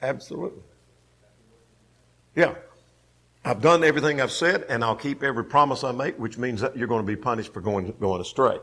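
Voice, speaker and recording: A man's voice: medium pitch, a little fast, long pauses, pushed and bright. A man teaching a Bible class, emphatic, repeating key phrases and putting questions to the class.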